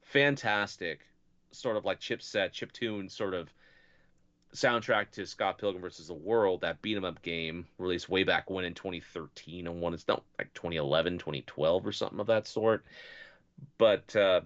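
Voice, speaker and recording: A man with a very deep voice rambles through casual podcast chat, hedging nearly every phrase with "like" and "sort of". The sound is dull and lo-fi. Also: moderate pace, a bit bright. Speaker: podcast co-host.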